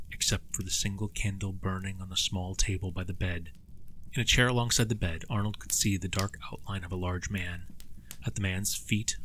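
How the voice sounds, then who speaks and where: A man narrating a dark story in a measured, somber way. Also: deep voice, a little hiss or hum. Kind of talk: scripted audiobook narration.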